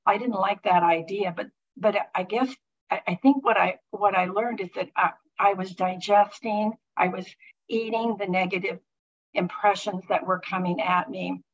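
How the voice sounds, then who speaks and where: A middle-aged woman sharing a personal faith testimony with a group, talking haltingly with many restarts and fillers. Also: mid-range voice, fairly even intonation. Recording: muffled lo-fi recording.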